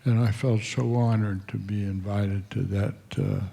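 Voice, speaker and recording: Slow, gravelly older man. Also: lowish voice, fairly even intonation, warm tone. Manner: halting, many pauses and "uh"s. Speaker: panel guest. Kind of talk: slow reminiscing on a panel. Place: museum stage program.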